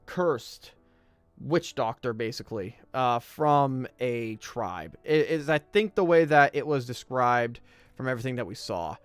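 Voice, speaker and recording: A man's voice: fairly high pitch, clean tone, no room sound, clean studio sound. Young man hosting a casual stream. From United States. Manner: reads aloud, stumbles over words, digresses jokingly. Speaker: podcast host. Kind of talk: casual live-stream reading and commentary.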